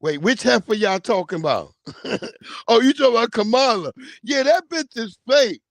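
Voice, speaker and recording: A man hosting a casual livestream, talking in an animated, slangy way and calling out viewers by name. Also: very high voice, moderate pace, no room sound. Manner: animated, slangy, reads viewer names aloud. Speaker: livestream host.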